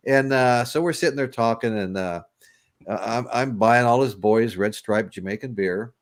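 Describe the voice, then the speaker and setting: A man of medium pitch and moderate pace hosts a podcast, recounting a long story in a casual, chatty way. The telling rambles, with frequent restarts and laughs.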